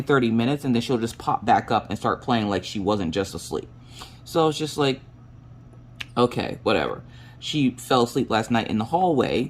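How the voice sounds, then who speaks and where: Low-voiced woman, crackly morning voice. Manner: animated storytelling, swears casually. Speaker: crafting vlogger. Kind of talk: casual chat while crafting.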